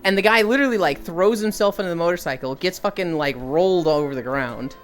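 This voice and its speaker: Woman streamer, low voice, loose profane chat with faint music under it. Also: animated, fairly quick. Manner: swears freely, acts out voices in stories. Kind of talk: casual chat with viewers.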